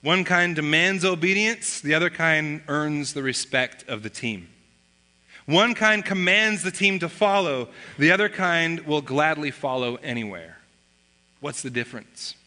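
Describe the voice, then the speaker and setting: Male pastor, fairly high and bright voice, conversational sermon storyteller, long hall reverb. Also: expressive, unhurried. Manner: conversational storytelling, acts out family dialogue.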